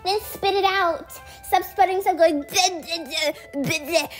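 Give me a woman playing a prickly, easily flustered teen girl with a very high voice for an ASMR role-play, quick to snap back. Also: fairly even intonation, soft background music. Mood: snappy, pleading. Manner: snappy, defensive, swears, talks fast when riled.

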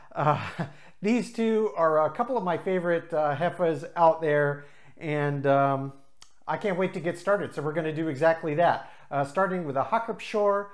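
A craft beer reviewer hosting his own channel, tasting and explaining beers in a casual, unscripted way, chatty, with frequent filler pauses. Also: medium pitch.

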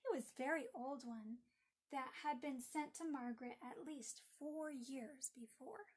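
Sabbath school lady telling kids a bedtime story, slow, highish voice. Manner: warm, expressive storyteller for children. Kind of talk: reading a story to children.

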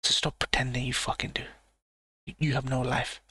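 A man hosting a late-night live-stream reaction in a hushed, low voice close to a sensitive mic, blunt and swearing as he rants. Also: flat delivery, a little fast, slightly rough, no echo. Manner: hushed low voice, not quite a whisper. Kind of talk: late-night livestream chat. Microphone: sensitive mic with gain turned up.

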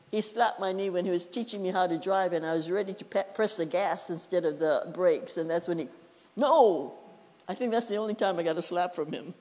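A woman preacher delivering a relaxed, story-filled sermon in a church. Her voice trails off into a long, echoing reverb. She speaks in an easygoing, folksy way and often drops in "you know.". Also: mid-range voice. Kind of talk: conversational sermon with personal stories.

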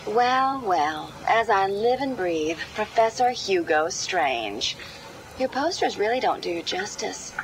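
A sly, sarcastic cat burglar. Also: female voice, medium pitch, sing-song, slow pace, a little hiss or hum, low-quality recording.

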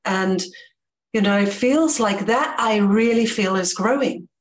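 A woman guiding a reflective conversation, speaking gently and searching for words. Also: medium pitch, a little slow.

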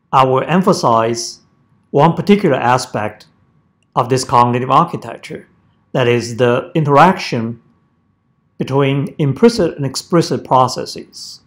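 A professor giving a prepared lecture, speaking in measured, deliberate phrases. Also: male voice, medium pitch, fairly bright tone. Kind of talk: prepared academic presentation.

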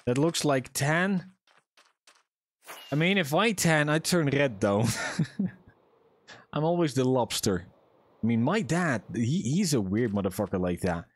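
Young male streamer, chatty and jokey, swears freely, very animated pitch. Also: measured pace, long pauses. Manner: chatty, profane, jokey self-talk to viewers. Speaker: livestreamer. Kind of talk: casual gaming livestream chat.

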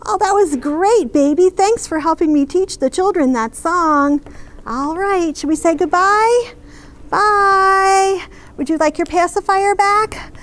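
A woman children's librarian reading a picture book aloud and talking to little ones in a gentle sing-song way. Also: very high voice, measured pace.

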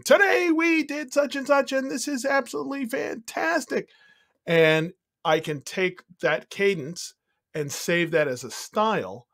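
A man with a somewhat high voice talks through a software demo in a loose, casual way. He is excited and chatty, and he thinks aloud between clicks. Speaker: tech tutorial host.

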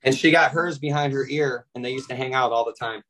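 A man's voice: medium pitch, a little fast, fairly bright tone, slight background noise, rough recording. A man appearing as a defendant over a video call, telling a long, meandering joke story full of fillers.

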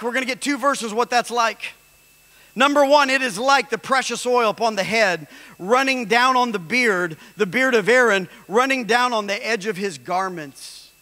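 A male pastor preaching with a high voice and a bright, forceful edge. He builds his points with emphasis until they break into shouts. His voice carries a long reverb from a large hall. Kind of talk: sermon. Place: church hall.

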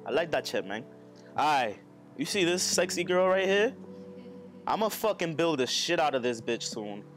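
A man's voice: on the high side, big pitch swings, normal speed, fairly bright tone. A man streaming casually while he builds a model kit, joking crudely, laughing often and chatting to viewers. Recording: music playing underneath.

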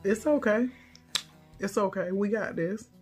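A woman's voice: mid-range voice, a little slow, darkish tone, soft background music. A woman hosting a casual live stream, emotional and teary, laughing through tears as she speaks.

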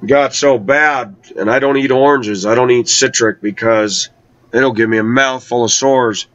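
A man telling a personal travel story in a conversational way, slowing down to draw out key words. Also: mid-range voice, steady tone, fairly bright tone, no echo. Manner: conversational, with slow, drawn-out emphasis. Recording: dull lo-fi recording.

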